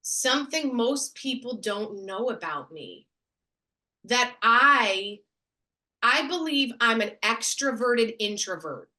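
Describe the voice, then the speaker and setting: A woman with a bright, ringing voice talks eagerly and expressively in a casual interview. Her tone lifts with enthusiasm as she shares her thoughts. She is heard through a video call microphone. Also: a little high, expressive, slow. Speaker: guest, actress and speaker.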